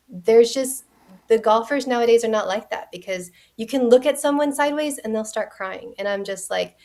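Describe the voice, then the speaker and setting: A young woman chatting as a guest on a podcast, with a voice of ordinary pitch for a woman. She talks frankly and bluntly and swears offhandedly. The tone is relaxed, unscripted conversation. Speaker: guest, golf coach. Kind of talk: casual podcast chat.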